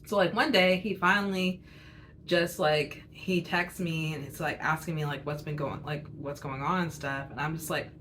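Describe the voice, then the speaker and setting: A woman's voice: sits low, steady tone, normal speed, a bit bright, slight background noise. A woman in her twenties telling a personal story as a casual storytime chat, rambling and candid with lots of fillers. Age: 20s.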